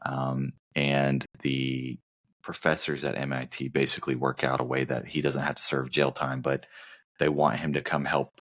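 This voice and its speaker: A man's voice: very deep voice, little pitch movement, moderate pace, a bit bright. A man from the American South co-hosting a casual movie podcast, teasing his co-host and rambling through plot summaries. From Southern United States. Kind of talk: casual movie-review chat.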